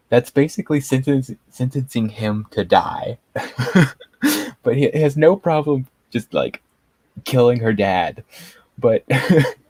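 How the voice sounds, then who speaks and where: A man with a slow, unhurried delivery and a somewhat low voice, picking apart a series on a live review show. He rambles and mocks as he goes, leaning on lots of filler words. The sound is close and dry, with no room around it. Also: a little mellow, no room sound.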